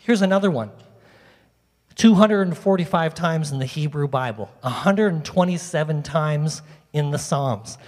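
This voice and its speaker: Lively high-voiced preacher in a reverberant hall. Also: male voice, normal speed. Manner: animated, conversational, talks directly to the congregation. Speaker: pastor. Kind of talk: sermon. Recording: long reverb of a large hall.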